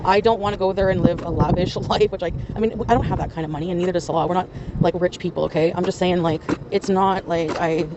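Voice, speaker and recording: A woman's voice: fairly low pitch, fairly even intonation, fast talker, highs cut off. A woman livestreaming outdoors, rambling in casual filler-heavy chat. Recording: clip from a livestream, street noise behind.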